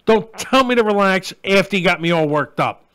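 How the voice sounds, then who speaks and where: A middle-aged man hosts his own live online show, talking straight to his viewers in a blunt, crude, ranting way. His voice sits high for a man. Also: expressive, fairly quick, a bit bright, clean tone. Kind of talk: live-stream rant and chat.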